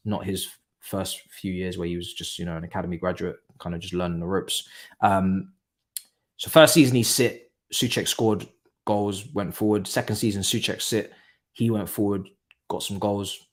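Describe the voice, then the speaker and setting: Man hosting a live watchalong. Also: fairly low pitch. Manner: casual, bursts into excited exclamations at goals. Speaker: watchalong host. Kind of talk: live match watchalong commentary.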